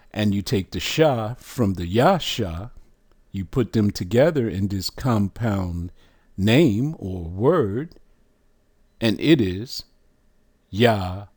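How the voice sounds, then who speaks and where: A man's voice: lowish voice, animated, slow, pauses often, darkish tone, no echo, clean studio sound. A man teaching a lesson, walking the listener through a chart and asking questions as he goes. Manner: asks the listener questions, emphatic.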